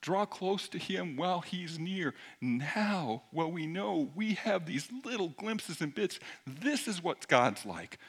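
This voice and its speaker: A middle-aged man preaching a sermon in a conversational way, dropping at times to a hushed near-whisper. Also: sits high. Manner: conversational, shifts between loud emphasis and hushed near-whisper. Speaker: pastor.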